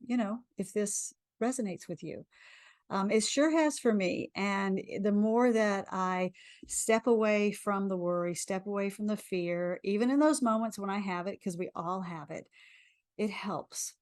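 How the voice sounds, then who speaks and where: A middle-aged woman coaching a tapping session, speaking slow soothing affirmations and then chatting casually on a live stream. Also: mid-range voice, a little mellow, no room sound, clean studio sound. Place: live video stream at home.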